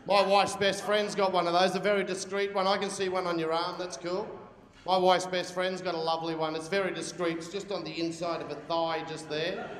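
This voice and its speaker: In a big function hall full of noisy, echoing crowd sound, a forties-aged Australian comedian does crude stand-up and ribs the audience. He speaks briskly in a high voice with a level tone.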